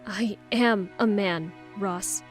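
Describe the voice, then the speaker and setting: Voicing an anguished young trans man in an audiobook, a woman delivers a tearful, pleading confession to his boyfriend. Her mid-range voice keeps fairly even intonation at a normal pace, with soft music underneath and a natural sound.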